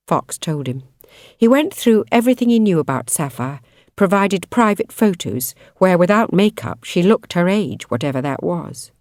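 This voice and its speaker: Expressive woman narrating an audiobook. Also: lowish voice, no room sound, studio quality. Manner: expressive, measured storytelling. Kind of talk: scripted narration.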